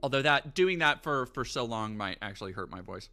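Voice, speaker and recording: Animated, bright-voiced male streamer. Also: mid-range voice, fairly quick. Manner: animated, profane, jokey riffing; reads text aloud with mock drama. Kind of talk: casual livestream commentary.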